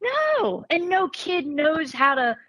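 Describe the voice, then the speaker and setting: Speaking slowly in a high-pitched voice, a former college and travel ball softball coach chats casually on a podcast. She's an animated storyteller who keeps restarting and repeating words; the recording has no room sound and its highs are cut off.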